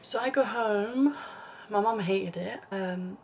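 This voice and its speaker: A woman's voice: medium pitch, slow, a little mellow, a little hiss or hum. A young woman telling a dramatic story in a casual vlog, chatty and full of "like", sometimes dropping to a whispered aside. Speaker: vlogger.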